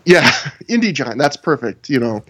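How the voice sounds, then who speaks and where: A man's voice: medium pitch, very animated, moderate pace, a bit bright, husky. Rambling, laughing male podcast co-host. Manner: rambling, laughs often, restarts sentences. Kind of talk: casual chat reviewing wrestling shows.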